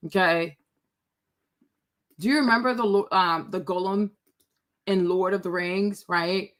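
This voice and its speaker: A woman's voice: mid-range voice, fairly even intonation, measured pace, a little hiss or hum. A woman hosting her own show, ranting in a casual commentary style, emphatic and repetitive, checking in with viewers often. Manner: emphatic, repetitive, keeps asking "right?"; addresses viewers by name. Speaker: host.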